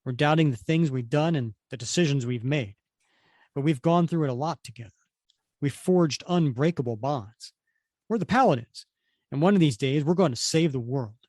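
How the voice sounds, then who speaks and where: An earnest young team leader, as a man reads him, rallying his friends in a fairly high, plain voice. The speech is steady and determined. The sound is dry and close. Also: normal speed, dry recording, lightly acted.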